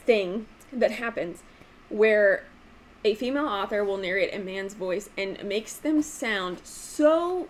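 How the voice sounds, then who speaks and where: A woman hosting a casual book vlog, talking emphatically with lots of "like" fillers and sometimes showing off voices with sudden jumps in pitch. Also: a little hiss or hum. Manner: chatty, emphatic, frequent "like" fillers. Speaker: book channel host.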